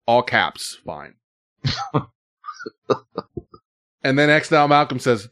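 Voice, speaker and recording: A man's voice: medium pitch, takes it slowly, pauses often, fairly bright tone. A man hosting a casual chat, telling stories animatedly and laughing often.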